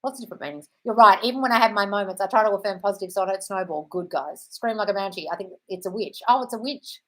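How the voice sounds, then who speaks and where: A woman's voice: medium pitch, quick pace, pushed and bright. A woman hosting a live stream, reading viewer comments aloud and answering them bluntly, often calling people darling. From United Kingdom. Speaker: livestream host answering viewer questions.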